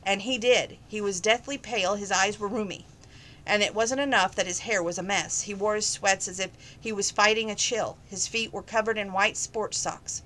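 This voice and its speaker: Lady reading a christmas novel aloud, casual, slips here and there, mid pitch, faint hiss. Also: steady tone, normal speed, pushed and bright, poor audio. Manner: plain, with small slips and restarts. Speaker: reader. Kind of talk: casual read-aloud narration.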